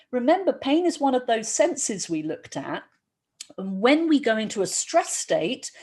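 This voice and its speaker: A woman who treats performing artists, giving a lively educational talk and often checking in with the audience. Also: on the high side. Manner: lively, often asks "right?". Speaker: health practitioner for performing artists.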